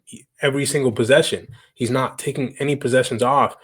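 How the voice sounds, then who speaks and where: A man's voice: medium pitch, fairly even intonation, a little fast, a bit bright, husky. A young man from Canada hosting a reaction video, talking casually and emphatically, often repeating himself for stress. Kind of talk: casual commentary.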